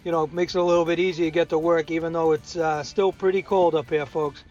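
A man's voice: a little high, level tone, quick pace, a little mellow. An older man with a Boston accent gives a chatty weekly update as a contributor, with lots of fillers. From New England. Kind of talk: casual recorded update. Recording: dull lo-fi sound with faint music.

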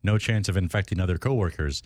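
A man speaking as a talk show guest, quick and a little cautious. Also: low voice, a little mellow, dry recording, clean studio sound. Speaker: guest, business leader. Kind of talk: casual interview chat.

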